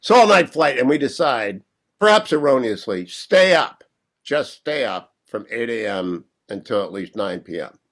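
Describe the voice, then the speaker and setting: A man's voice: mid-range voice, very animated, normal speed, fairly bright tone. A man hosting a radio talk show from a hotel room, goofy and rambling with jet lag.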